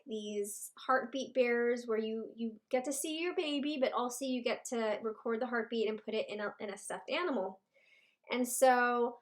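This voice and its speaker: A woman in her thirties talks at home in a casual video update. Her voice sits a little high, and she speaks in a halting, heartfelt way, pausing and starting her sentences over. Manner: halting and heartfelt, with many pauses and restarts. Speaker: vlogger.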